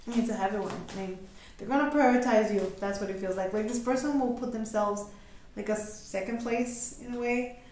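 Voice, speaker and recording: A woman's voice: on the high side, a little fast, a little mellow, heavy reverb, a little hiss or hum. A young woman giving a casual tarot reading, chatty and giggly, acting out little quoted voices. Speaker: tarot reader.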